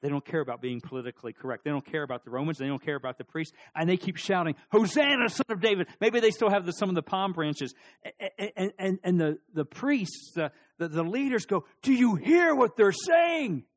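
A middle-aged male pastor preaching a sermon in church, animated, acting out voices and rising to loud peaks. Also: on the high side, fast.

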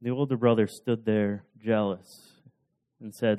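Male preacher, casual storyteller, mellow warm tone, relaxed sermon delivery. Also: lowish voice, a little slow, smooth. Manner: casual storytelling with fillers and restarts.

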